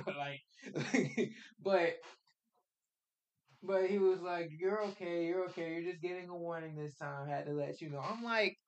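A man's voice: high voice, lively intonation, slow, highs cut off. A man hosting a podcast, telling a childhood story in loose slang and jumping into quoted voices. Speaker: podcast host. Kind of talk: casual storytelling chat. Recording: echoey room.

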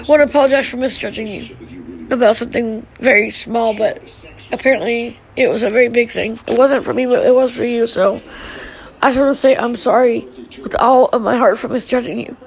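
A middle-aged woman on a live stream giving an emotional personal message to her family. She talks in a halting, tearful way, with sighs and restarts. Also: on the high side, fairly even intonation, vocal fry, rough recording.

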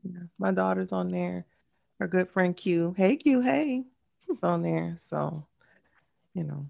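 Gravelly middle-aged woman, lo-fi. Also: lowish voice, takes it slowly, dark tone. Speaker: podcast co-host. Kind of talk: casual chat.

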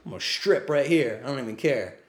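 A podcast host fields live questions on a livestreamed ask-me-anything, his medium-pitched voice animated and brisk in an echoey room. He launches into a blunt, profane, impassioned rant and, clearly riled up, admits he's getting heated.

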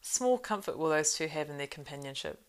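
A woman's voice: low voice, animated, smooth. Woman reading as a stern old wizard. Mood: calm. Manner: grave, measured authority.

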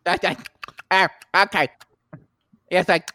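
A man's voice: high-pitched, expressive, a little fast, a bit bright, no echo, studio quality. A man ranting and cursing in casual podcast chat, acting out the people he quotes.

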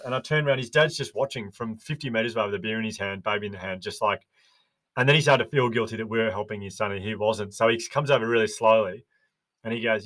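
A man with an Australian accent, a podcast guest who tells animated stories and acts out the voices of the people in them. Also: fairly low pitch, quick pace. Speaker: podcast guest, resilience educator. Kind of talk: casual interview chat.

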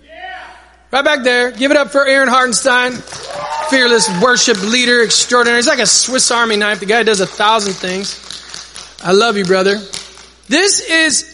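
A man preaches in a large church hall, his high, bright voice ringing out with long reverb. He keeps the congregation involved, asking them to repeat words back to him. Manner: energetic, calls for crowd responses. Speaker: pastor. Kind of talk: sermon.

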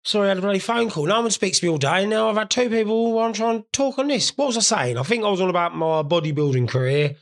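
A man's voice: sits high, lively intonation, fast, few pauses. A young man telling rambling, jokey, sweary stories in a casual solo monologue. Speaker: podcast host.

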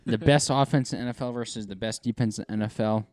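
A man's voice: on the low side, steady tone, fast, darkish tone, no echo, clean studio sound. A man co-hosting a casual sports podcast, rambling with lots of fillers and restarts. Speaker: podcast co-host.

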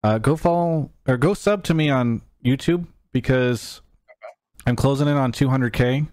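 A man's voice: medium pitch, normal speed, darkish tone, no room sound. Male podcast host, wry and teasing, dry close-mic sound, casual wrap-up chatter. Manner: wry, teasing, mock-exasperated. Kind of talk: casual show wrap-up chat.

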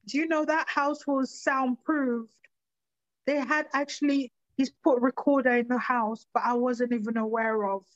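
A woman giving halting, emotional personal testimony in an interview. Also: high voice, fairly even intonation, no echo, muffled recording. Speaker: interview guest.

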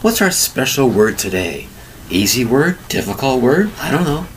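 A man's voice: medium pitch, very animated, moderate pace, far from the mic, slight background noise. Chatty man teaching a word lesson. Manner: chatty, repetitive, emphatic. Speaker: English teacher. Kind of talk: casual vocabulary lesson to camera. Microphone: camera mic.

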